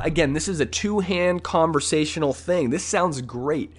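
A man's voice: a little high, moderate pace. A man teaching, breaking down his recorded piano solo in a casual way, scatting rhythms aloud and often asking "right?", with faint piano under him. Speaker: music teacher. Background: faint piano music.

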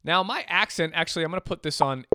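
A man's voice: fairly high pitch, lively intonation, quick pace, bright, forceful tone. A man teaching jazz swing feel, explaining patiently and counting beats aloud. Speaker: music teacher. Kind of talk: instrument lesson.

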